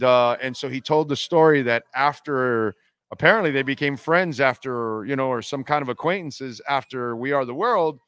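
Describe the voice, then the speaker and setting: A man's voice: on the high side, a bit bright, dry recording. Blunt rambling male radio host. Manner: blunt, rambling, frequent fillers and restarts. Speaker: sports talk radio host. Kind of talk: casual talk radio monologue. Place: casino venue, live broadcast.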